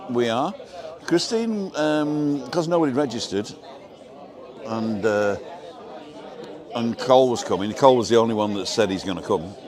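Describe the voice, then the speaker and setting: An older man hosting a casual live stream from an outdoor bar terrace, rambling and joking as he reads viewer comments. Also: mid-range voice. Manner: chatty, rambling, jokey. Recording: outdoor crowd noise behind. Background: crowd chatter.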